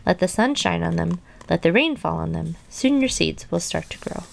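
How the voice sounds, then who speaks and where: A woman voicing a calm, patient male frog from a storybook, reassuring his friend. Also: fairly low pitch, normal speed, gravelly. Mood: soothing.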